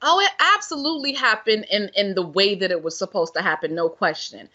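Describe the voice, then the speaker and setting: A woman guest on a podcast, a self-care and meditation guide, telling her personal story in an earnest, expressive way and acting out what she thought back then. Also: medium pitch, brisk, lo-fi sound. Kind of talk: personal story told in conversation.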